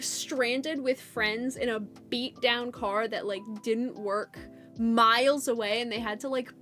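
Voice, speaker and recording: A young woman with a fairly high voice tells a story casually to her stream chat. She laughs often and jumps from loud, excited bursts to mumbled asides. Faint music plays underneath. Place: home streaming setup. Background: faint background music.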